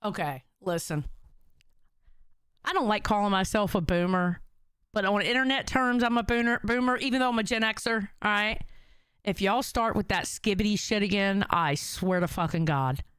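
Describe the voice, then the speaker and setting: A woman's voice: medium pitch, normal speed, a bit bright, clean tone, dry recording. A woman in her forties hosting a livestream, talking bluntly and with lots of swearing as she reads the chat. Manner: blunt, profane, emphatic. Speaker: show host reading chat.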